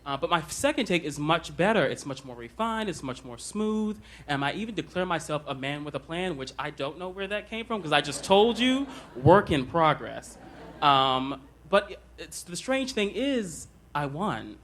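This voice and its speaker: A man's voice: fairly high pitch, very animated, moderate pace, fairly bright tone. A young man telling a comic personal story on stage at a live show, conversational and self-deprecating, with many ums. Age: young adult.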